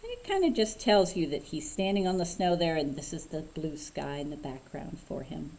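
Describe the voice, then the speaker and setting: A woman talking through a painting tutorial step by step, relaxed and unhurried, thinking aloud with fillers as she paints. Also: deep voice, poor audio. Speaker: craft instructor.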